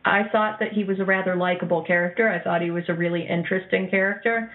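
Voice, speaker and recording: A woman's voice: fairly low pitch, fairly even intonation, fast. Eager woman co-host on a phone-like line. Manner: eager, agreeing, detailed recall. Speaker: podcast co-host. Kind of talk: casual chat reviewing an anime.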